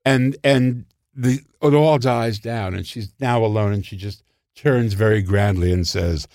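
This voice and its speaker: An older man, a comedy writer, telling show-business anecdotes in casual conversation and jumping into high voices when he quotes people. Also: a little slow, a little mellow, no echo, clean studio sound.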